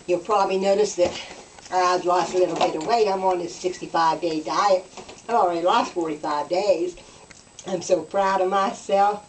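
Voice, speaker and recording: Woman comic, folksy deadpan storyteller, distant faint-hissy recording. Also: fairly low pitch, moderate pace. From West Virginia. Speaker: comedian. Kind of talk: deadpan hillbilly stand-up routine.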